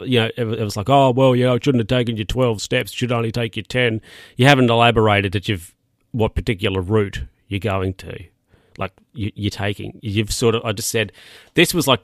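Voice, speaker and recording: A man's voice: lowish voice, a bit bright, dry recording, clean studio sound. A man hosting a casual solo podcast, rambling and correcting himself as he talks. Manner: rambling, self-correcting, chatty asides. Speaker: podcast host. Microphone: podcast mic.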